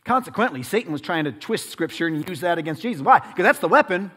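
Male pastor, sermon, somewhat high voice, dramatic loud-to-hushed dynamics, long church-hall reverb. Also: expressive, fast talker. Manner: dramatic swings between loud and hushed delivery.

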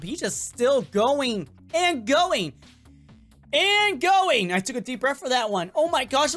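A woman giving chatty, excitable game commentary and talking to the characters, her voice worn and cracking with a cough. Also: sits high. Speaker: gameplay commentator.

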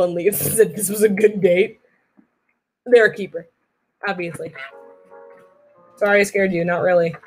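A woman's voice: mid-range voice, low-quality recording. A woman streaming a video game, joking and teasing as she plays, with sudden silly voices. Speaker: streamer playing a goose game. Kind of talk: playful let's-play commentary.

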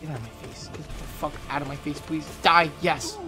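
A young man commentating while playing a video game, excitable and swearing, swinging between low mutters and loud outbursts. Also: moderate pace, faint music behind. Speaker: gaming video creator. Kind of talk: let's play commentary.

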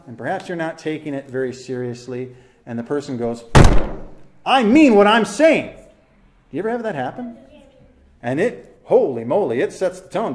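Man, pastor, earnest expository preaching, slightly raised pitch, emphatic repeats, direct questions to the congregation. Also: dark tone. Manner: asks the listeners questions directly. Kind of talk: expository sermon.

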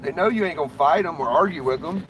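A man with a fairly high voice rants in a loose, rambling way, swearing constantly and speaking bluntly. He records from inside a car, with road and engine noise clearly audible behind him. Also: animated, quick pace. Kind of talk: casual ranting chat.

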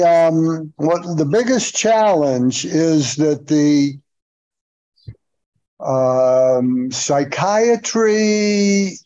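Male psychoanalyst guest, somewhat high voice, slow and halting. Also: dark tone. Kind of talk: casual conversation.

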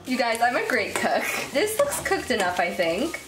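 Giggly young woman vlogger, higher voice. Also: very animated, moderate pace, background noise. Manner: chatty, giggly, self-mocking. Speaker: YouTuber. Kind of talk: casual vlog bloopers.

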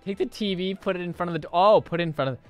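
A man's voice: high voice, racing, faint music behind. A young man streaming a game for the first time, talking to himself and chat, swearing and yelping in panic. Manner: panicky, swearing, yelps and shouts when startled. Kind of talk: live gameplay commentary.

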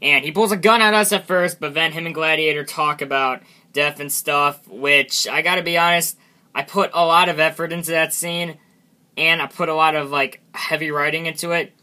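A man's voice: on the high side, steady tone, normal speed, pushed and bright. A man hosting his own channel, casually reviewing a character from his animation, self-deprecating and often restarting his sentences.

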